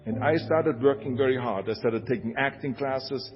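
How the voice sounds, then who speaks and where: A man's voice: medium pitch, normal speed, a little hiss or hum. An older man from Austria with an Austrian German accent gives an emphatic motivational speech and repeats lines for effect. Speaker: motivational speaker. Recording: dull lo-fi speech over music. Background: music bed.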